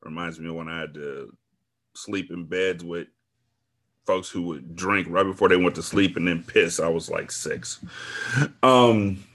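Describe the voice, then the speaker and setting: A man's voice: deep voice, measured pace, a bit bright. A man hosting a podcast, reading a novel aloud and commenting in a casual, profane, laid-back way.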